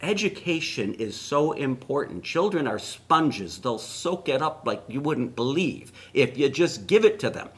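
A man's voice: mid-range voice, big pitch swings, a little slow, few pauses. A middle-aged man co-hosting a political opinion podcast, blunt and ranting, telling stories. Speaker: podcast co-host.

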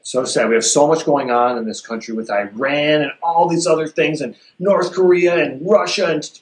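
A man's voice: on the high side, moderate pace. A man co-hosting a podcast who laments and sounds exasperated in casual political chat. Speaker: podcast co-host. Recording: echoey room.

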